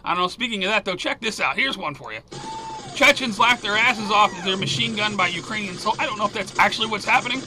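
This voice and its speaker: A man hosting a solo news commentary show, reading headlines and ranting angrily, swearing and sometimes yelling. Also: sits high, animated, fast talker, music in the background.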